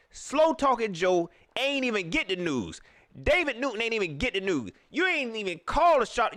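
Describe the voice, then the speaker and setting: A man ranting in casual slang about football, repeating his points with animated emphasis. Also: a little high, no room sound, studio quality. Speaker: sports vlogger. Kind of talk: casual sports rant.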